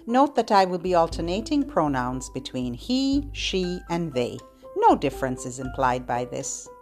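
A woman who works as a children's librarian, hosting a podcast for babies and singing nursery rhymes and songs in a gentle, sing-songy way. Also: very animated, soft background music. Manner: gentle, slow and sing-songy, with playful high and low hellos.

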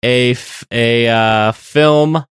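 A man co-hosting a casual podcast chat, rambling and hesitant with frequent pauses to find his words. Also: mid-range voice, fairly bright tone, smooth, dry recording, studio quality. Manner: rambling, hesitant, many fillers and restarts. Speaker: podcast co-host.

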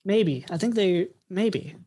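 A man's voice: high voice, animated, slow pace, warm tone, husky. A man hosting a casual soccer podcast, talking with many ums and uhs as he moves between segments. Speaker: podcast host.

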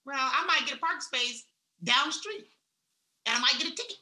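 A woman giving a blunt, salty motivational talk, swinging between loud emphasis and hushed asides. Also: high voice, a little fast, echoey room. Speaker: wellness speaker.

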